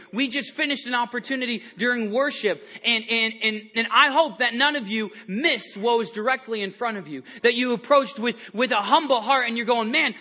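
A male pastor preaching a sermon to his church, animated and lively, stumbling over restarts and acting out the people in his stories. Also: very high-pitched. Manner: animated, acts out quoted voices, many restarts. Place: church service before a congregation.

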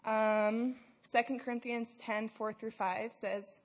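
A young woman speaking in a slightly higher register, sharing her testimony at a youth service. Her talk is candid and conversational, full of casual "like"s as she moves from her story to scripture. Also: steady tone, takes it slowly. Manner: candid and conversational, often says "like". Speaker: student leader giving a message.

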